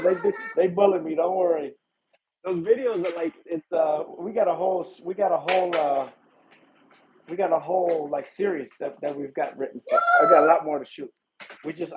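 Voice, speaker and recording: A man from Illinois, a police detective, chatting casually and laughing easily with viewers on a phone livestream outdoors at night. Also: fairly high pitch. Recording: dull lo-fi phone stream with background noise.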